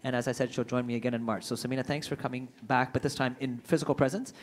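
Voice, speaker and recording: A man's voice: medium pitch, fairly even intonation, racing. A man moderating a business forum, introducing speakers in a joking, chatty way. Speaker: event moderator. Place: conference room before an audience.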